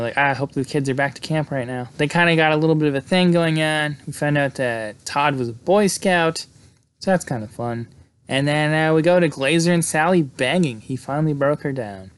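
A man's voice: fairly high pitch, brisk, clean tone, dry recording. A man giving a loose, profane, filler-heavy recap of a horror film, like a podcast host. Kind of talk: casual movie recap.

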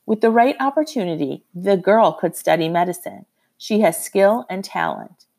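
A woman voicing a kind, gentle male doctor. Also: lowish voice, very animated, moderate pace, gravelly, exaggerated voice. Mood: kindly. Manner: gentle, reassuring.

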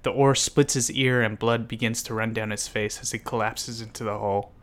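A man's voice: on the low side, steady tone, moderate pace, a bit bright. A man giving scripted, vivid dramatic narration as a storyteller.

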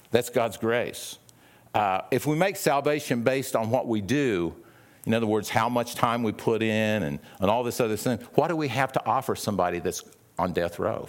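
A male pastor preaching a sermon in a conversational way, often repeating words and acting out quoted voices. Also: lowish voice.

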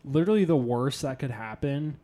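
A young man casually telling a funny story among friends, getting loud and high when he gets excited. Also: brisk.

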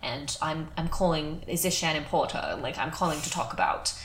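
A woman voicing a very formal British male military investigator in a clumsy put-on British accent, stiff and halting. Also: low voice, lively intonation, slight background noise. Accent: put-on British, poorly done. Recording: roomy echo.

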